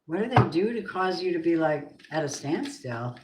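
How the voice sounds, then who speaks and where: A low-voiced woman reads tarot cards and muses aloud. She asks the cards and spirit questions as she goes. The sound is roomy with a faint hiss. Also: big pitch swings, normal speed. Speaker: tarot reader. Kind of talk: tarot card reading. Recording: roomy echo.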